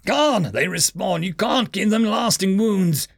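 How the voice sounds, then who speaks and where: A man's voice: high voice, expressive, takes it slowly, gravelly, dry recording, studio quality, pitched above the performer's own voice, exaggerated voice. A man voicing a wary male adventurer who speaks in an urgent hiss. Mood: shouting. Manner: hissing, urgent.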